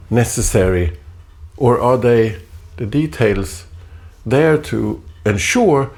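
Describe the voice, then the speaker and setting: Slow, gravelly man musing aloud. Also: fairly low pitch. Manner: deliberate, halting, repeats phrases, soft laughs. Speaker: artist performing a spoken text. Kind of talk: slow reflective spoken essay. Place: home.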